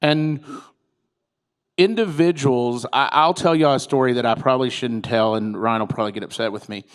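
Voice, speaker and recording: A man's voice: medium pitch, normal speed, clean tone. A man, a political candidate giving a chatty, joking conference speech. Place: conference room with audience.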